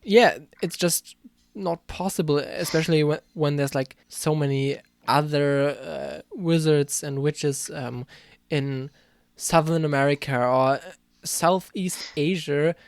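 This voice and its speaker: A man co-hosting a casual discussion podcast who speaks hesitantly, pausing often with ums. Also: on the high side, creaky, no echo. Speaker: co-host.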